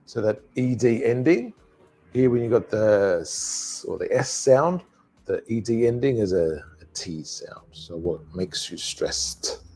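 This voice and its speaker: Slow, soft-spoken male English teacher. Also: mid-range voice, expressive, husky. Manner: slow, repeats phrases for pronunciation practice. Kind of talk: live online English lesson. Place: alone.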